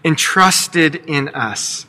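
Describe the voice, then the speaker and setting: A man with a high, very bright voice preaches a sermon, slow and measured, telling the story expressively with playful asides. His voice rings out through a long hall reverb, as in a large church sanctuary. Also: animated. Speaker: pastor.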